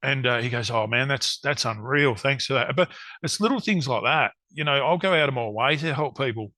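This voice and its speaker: A man's voice: medium pitch, lively intonation, brisk, bright, forceful tone, dry recording. An Australian man, a guest on a hunting podcast, chatting casually and acting out what people said to him. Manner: rambling storyteller, acts out quotes.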